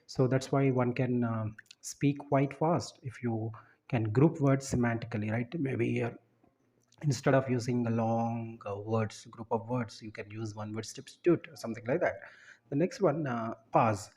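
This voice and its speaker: A man's voice: medium pitch, normal speed, a little mellow. A man giving an explanatory lecture, often ending points with a checking "right?".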